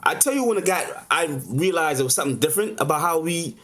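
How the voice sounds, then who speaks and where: This chef in his forties, from Charleston, South Carolina, is an interview guest telling stories casually. He speaks fast in a fairly high voice, rambling and lively with lots of "you know."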